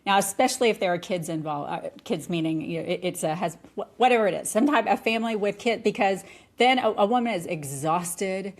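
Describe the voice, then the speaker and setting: A middle-aged woman talking candidly on a podcast, animated and often laughing. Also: medium pitch, brisk. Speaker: podcast guest. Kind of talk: conversational podcast talk.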